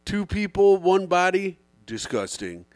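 Guy co-hosting a comedy podcast, deadpan, kinda high voice, dry mic. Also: normal speed, no echo, faint music behind. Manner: deadpan, mock-insulting jokes. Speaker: podcast co-host. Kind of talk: casual comedy podcast chat.

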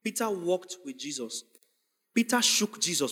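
A man preaching a sermon, acting out scripture scenes and building up to shouted lines. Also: high voice, sing-song, normal speed, breathy edge. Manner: dramatic, acts out scripture voices, builds to shouting. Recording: long hall reverb.

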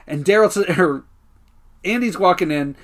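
A man's voice: sits high, normal speed. A man co-hosting a podcast in casual chat, animatedly retelling scenes and acting out the characters' lines. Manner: animated retelling, acts out quotes, swears freely. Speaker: podcast co-host.

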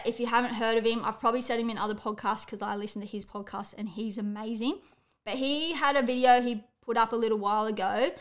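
A young woman, a coach talking bluntly and energetically in a casual motivational podcast monologue. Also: a little high. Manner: blunt, energetic, tells it how it is. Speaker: athletics coach and podcast host.

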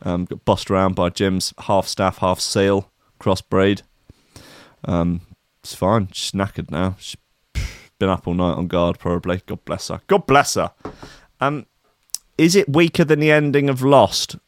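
A man's voice: on the low side, smooth, dry recording, studio quality. A young British man hosting a casual livestream as a DJ, rambling, sweary and self-mocking as he chats. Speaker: DJ and stream host.

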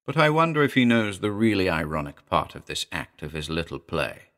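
A doomed man with bitter gallows humor, sardonic and mirthless, swinging between brittle glee and dark irony, acted by a male storybook narrator. His voice stays low and wry. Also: very animated, brisk, exaggerated voice. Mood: bitter, ironic.

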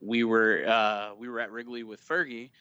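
Man, bright tense voice, dry close sound, casual podcast guest, animated storyteller. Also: fairly low pitch, normal speed, clear, resonant tone, no room sound, highs cut off. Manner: storytelling, animated retelling of quotes. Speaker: guest, fan club leader.

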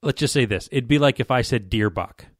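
A man's voice: mid-range voice, a little fast, no echo, studio quality. A man casually telling a long hunting story, rambling and stumbling over repeated words while acting out what people said to him.

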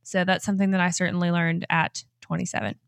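A woman in her twenties hosting a motivational podcast, energetic and enthusiastic and quick to laugh. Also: lowish voice, gravelly, smooth, no room sound. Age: 20s. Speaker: podcast host and life coach. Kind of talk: upbeat motivational podcast talk.

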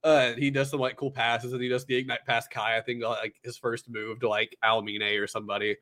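This is a man in a loose, casual chat, walking through a story with lots of "uh" and "like" as he goes. His voice sits at an ordinary middle pitch and sounds relaxed and unhurried. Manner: rambling, filler-heavy storytelling. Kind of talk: casual chat recapping an anime film.

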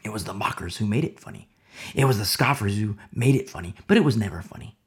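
A man's voice: fairly low pitch, expressive, fast. A man preaching a sermon in an emphatic, storytelling way, often repeating himself for emphasis.

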